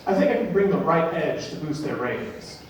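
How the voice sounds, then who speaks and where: High-voiced young man doing stand-up. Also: expressive, fairly quick. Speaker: stand-up comedian. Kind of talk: stand-up comedy set. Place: comedy venue stage. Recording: echoey room, distant mic, faint noise.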